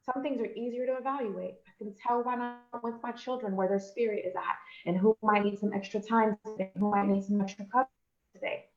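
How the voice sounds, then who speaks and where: A woman giving an encouraging motivational talk on a call and addressing her listeners as friends. She swings between loud emphatic bursts and low, confiding asides. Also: roomy sound, dull audio. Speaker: motivational speaker, business coach. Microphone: call audio.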